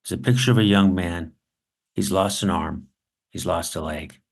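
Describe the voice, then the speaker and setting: A man's voice: low voice, moderate pace, creaky. A man quoting a weary hotel clerk woman. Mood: somber.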